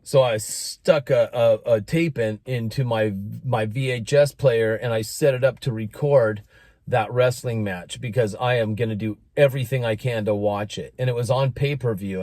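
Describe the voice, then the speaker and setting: Man, middle-aged, American, casual storytelling, animated, dry close recording. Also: mid-range voice, fairly quick, no echo. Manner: animated, breaks into announcer-style shouting when quoting. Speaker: vlogger telling a story.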